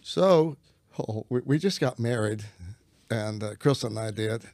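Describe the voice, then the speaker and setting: A middle-aged Christian minister, appearing as an interview guest, tells stories in an earnest, folksy, conversational way, often restarting sentences. His voice is medium-pitched and a little mellow, at a measured pace, in a dry recording.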